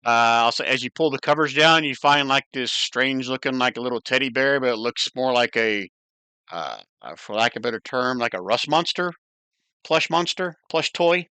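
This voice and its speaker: Bright-voiced man running a tabletop game. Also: mid-range voice, smooth, no echo. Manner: casual, halting with fillers. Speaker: game master.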